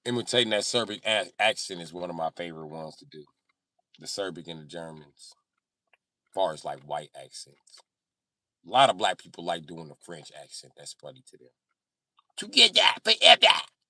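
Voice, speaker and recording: A man's voice: deep voice, a little fast, pushed and bright, no echo. A man chatting on a livestream, joking and cursing in a rambling way. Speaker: livestream host. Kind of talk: casual livestream chat.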